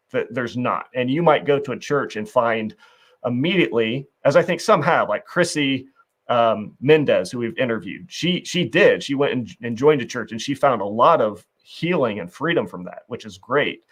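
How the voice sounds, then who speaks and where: A man's voice: mid-range voice, lively intonation, normal speed. A man hosting a talk show, speaking earnestly and reflectively in a conversational faith discussion, often restarting his phrases.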